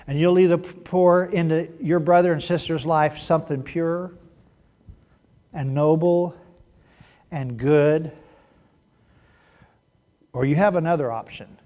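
A man preaching a sermon in a church, joking and teasing, then dropping to a hushed voice. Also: on the high side, steady tone, takes it slowly, pauses often. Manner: playful, teasing, swings from loud to hushed. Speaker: pastor. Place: church sanctuary.

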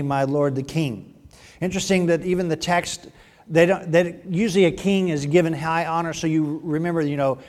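A man's voice: on the high side, a little mellow. A male pastor preaching a sermon in a conversational way, with joking asides to the congregation. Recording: long hall reverb.

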